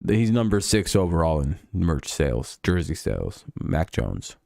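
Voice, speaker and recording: A man's voice: low-pitched, big pitch swings, measured pace, vocal fry, warm tone, no echo, studio quality. A man hosting a casual live stream, riffing sarcastically and swearing freely. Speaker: podcast host.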